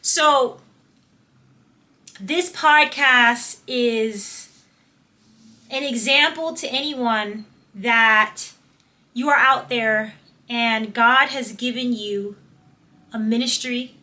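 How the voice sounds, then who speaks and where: A woman's voice: fairly high pitch, slow pace, long pauses, sharp tone. A woman hosting a faith-based podcast, speaking with fervent, repetitive, preacher-like encouragement mixed with casual slang. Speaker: podcast host.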